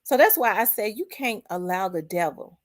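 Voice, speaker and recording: A woman's voice: medium pitch, lively intonation, normal speed. An emphatic woman speaks to her channel audience in a preaching style. She repeats herself for emphasis and quotes scripture. Her speech is casual and colloquial. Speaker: channel host. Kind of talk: emotional preaching-style monologue.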